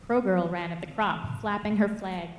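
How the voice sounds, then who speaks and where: A woman reads a rhyming fable aloud in a lilting, expressive rhythm. Her voice carries through a church hall with long reverb, caught from a distance over a faint hum of room ambience. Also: mid-range voice, normal speed. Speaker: writing mentor. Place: church hall at a public reading. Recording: echoey church hall from far off.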